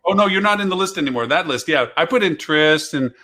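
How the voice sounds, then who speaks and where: A man's voice: on the high side, expressive, fast, pushed and bright. A man hosting a live online show, chatting in a rambling, talkative way and laughing often. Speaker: host. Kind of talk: casual live-show chat.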